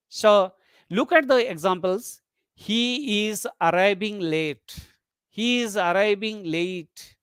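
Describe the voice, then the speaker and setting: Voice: medium pitch, fairly bright tone, no echo. Methodical webinar lecturer, dry sound. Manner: methodical, repeats points and demonstrates example sentences. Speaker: lecturer on English intonation.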